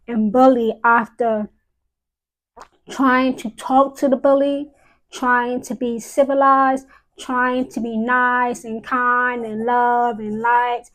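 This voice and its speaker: Woman, slow deliberate delivery, fairly high voice, solemn, repeats herself for emphasis, live-stream talk. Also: low-quality recording.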